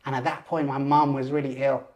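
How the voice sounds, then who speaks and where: A man in his forties, a lucid dreaming teacher and podcast guest, telling a personal story in an animated way. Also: mid-range voice, brisk. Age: 40s. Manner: animated, acts out voices and gestures while telling.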